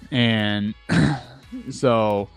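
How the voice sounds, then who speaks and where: A man's voice: mid-range voice, animated, extremely slow, vocal fry, smooth, faint music behind. A young man from Syracuse, New York, co-hosting a casual podcast chat, rambling and often restarting his phrases. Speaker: podcast co-host.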